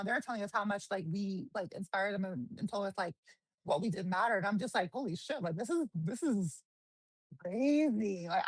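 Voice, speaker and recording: Husky-voiced woman telling a lively story. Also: mid-range voice, no echo, low-quality recording. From New Jersey. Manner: animated, swears freely, acts out quotes. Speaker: guest wrestler. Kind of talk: casual storytelling interview.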